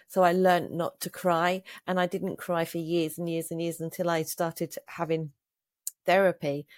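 A woman's voice: on the low side, level tone, moderate pace, dry recording, studio quality. An older woman hosting a podcast in casual conversation, telling stories and acting out the voices of the people she quotes. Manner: warm-hearted storyteller who acts out quoted voices. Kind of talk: casual interview chat.

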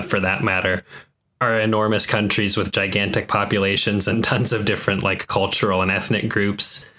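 Man, podcast host, casual chat, rambling with lots of fillers, bright tone, lowish voice. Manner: rambling, heavy use of "like" fillers.

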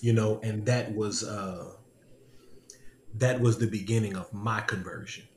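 A man's voice: lowish voice, steady tone, unhurried, a little hiss or hum. A man telling a personal story with animation, laughing often and repeating his lines. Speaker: podcast host. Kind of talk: casual testimony chat. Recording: echoey room with faint ambience.

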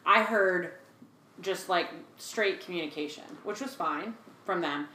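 A woman's voice: on the low side, unhurried, roomy sound. A woman in her forties co-hosting a podcast, chatting casually and animatedly, with lots of fillers. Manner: chatty, animated retelling with fillers and quoted voices. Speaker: podcast co-host. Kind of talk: casual chat.

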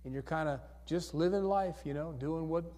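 In a church sanctuary, a male pastor with a slightly high, mellow voice leads an altar call at normal speed. He coaxes people forward with repeated questions and keeps asking for hands, with the hall's reverb audible.

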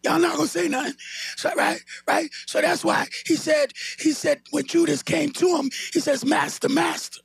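A man's voice: very high-pitched, level tone, moderate pace, vocal fry, dry recording. A man preaching a sermon, calling on the congregation to answer him and building into a sung, whooping delivery. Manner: calls on the congregation to respond, rising into a sung whoop.

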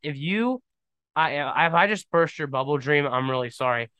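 A man's voice: a little high, expressive, moderate pace, bright, forceful tone, clear, resonant tone, no echo. A young man hosting a podcast in casual solo chat, rambling and emphatic, often saying "dude". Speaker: podcast host.

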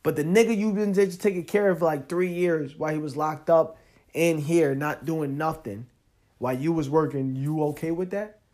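Young guy w/ aave talking straight at you on his podcast, kinda high voice, gets loud n heated. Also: normal speed. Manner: animated, talks straight to the listener, rising loud when worked up. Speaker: podcast host. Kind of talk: casual monologue.

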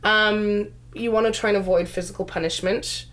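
A woman's voice: mid-range voice, steady tone, moderate pace, a bit bright. A woman giving parenting advice in a casual chat, conversational with frequent fillers. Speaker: parenting discussion co-host.

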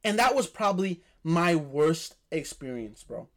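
Animated young man telling a story. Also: a little high, unhurried. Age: young adult. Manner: animated, repeats phrases for emphasis. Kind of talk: casual storytelling chat.

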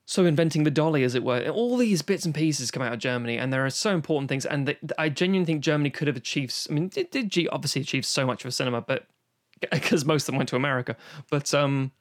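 Man, casual film chat, somewhat high voice, animated, swears a lot. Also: quick pace. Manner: animated, swearing, acts out quotes. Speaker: podcast guest discussing films.

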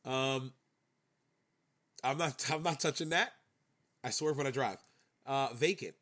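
A man's voice: mid-range voice, a little slow, fairly bright tone. A man co-hosting a casual wrestling podcast, joking and rowdy, laughing often. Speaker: podcast co-host.

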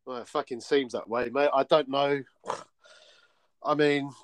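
Bloke, football pod host, blunt and sweary, mid pitch, dry close sound. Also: male voice, fairly even intonation, slow pace, dry recording. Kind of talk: casual football chat.

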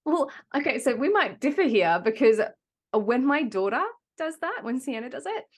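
An Australian woman in her thirties co-hosting a podcast, telling lively stories about her daughter with frequent laughter. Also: high voice, normal speed. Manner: animated, laughs between anecdotes. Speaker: podcast co-host. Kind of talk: casual chat.

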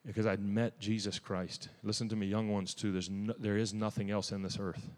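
A man with a fairly low voice delivers a sermon in a church. He talks with zealous emphasis, restarts his sentences and breaks into sudden louder bursts. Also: level tone, normal speed, long reverb tail. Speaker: preacher. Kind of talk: sermon testimony.

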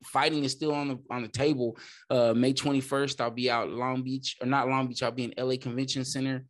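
A man's voice: mid-range voice, little pitch movement, brisk. A man in his forties, a Muay Thai fighter and instructor, chatting loosely as a podcast guest with plenty of slang. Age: 40s. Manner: laid-back, loose slang. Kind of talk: casual podcast chat.

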